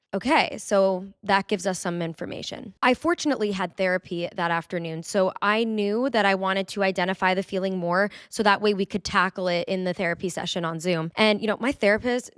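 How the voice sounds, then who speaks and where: A chatty woman telling a personal story in a candid vlog, her voice smooth and resonant. The sound is dry and close, with no room echo. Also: mid-range voice. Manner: candid, chatty, lots of "like" fillers. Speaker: vlogger. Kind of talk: casual confessional vlog.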